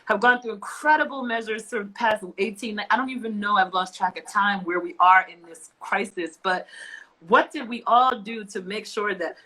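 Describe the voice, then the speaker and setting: Venting on a casual talk show she co-hosts, a woman speaks with impassioned emphasis and keeps repeating phrases in this emotional conversation. Her medium-pitched voice is pushed and bright at a moderate pace, captured on a rough recording.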